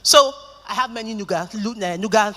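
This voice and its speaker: Nigerian lady giving a conference talk, bright tense voice, lots of hall reverb. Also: medium pitch, a little fast. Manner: lively storytelling, joking with the audience. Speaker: conference speaker. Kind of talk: keynote talk to an audience.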